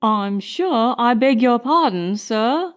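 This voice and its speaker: A woman reading an audiobook voices a polite, anxious male butler who speaks in a halting, apologetic, formal way. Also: a little high, expressive.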